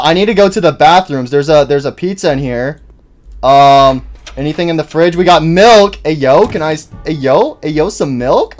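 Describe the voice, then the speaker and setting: A young man narrates a horror game as he plays, rambling with plenty of filler and jittery nerves. His voice sits high for a man and swings widely in pitch, and it shoots up into panicked yells. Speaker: gaming channel host. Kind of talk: horror game let's-play commentary.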